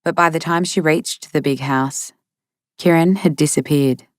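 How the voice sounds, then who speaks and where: A woman narrating an audiobook in a measured, steady manner into a close studio mic. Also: deep voice, no echo. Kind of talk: scripted narration.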